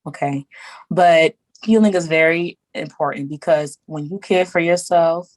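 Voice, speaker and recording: Woman podcast guest, lower register, animated, emphatic, dry recording. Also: measured pace, no room sound, rough recording. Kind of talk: casual chat.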